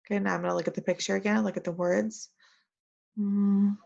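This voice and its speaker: Gravelly woman teaching early reading. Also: medium pitch, little pitch movement, darkish tone. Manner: reads sentences slowly and models sounding out words. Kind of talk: early reading lesson for young children. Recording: dull lo-fi recording.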